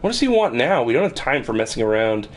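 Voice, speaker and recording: A man's voice: medium pitch, very animated, fast, a little hiss or hum. A man streaming a game, giving casual commentary with wry, profane asides, over game music. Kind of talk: casual let's-play commentary.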